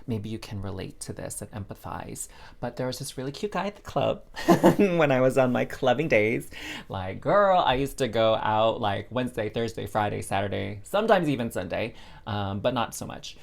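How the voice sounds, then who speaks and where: A man's voice: lowish voice, a little fast, vocal fry. A man giving a casual, chatty tarot reading, talking straight to his listeners like friends. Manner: chatty and expressive, addresses listeners as girl and y'all. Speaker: tarot reader.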